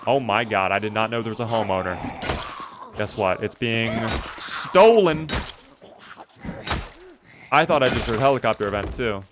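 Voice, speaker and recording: A man's voice: fairly low pitch, fast talker, background noise. A young man giving casual, swear-heavy commentary while playing a video game. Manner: swears a lot, rants when angry. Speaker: gaming streamer.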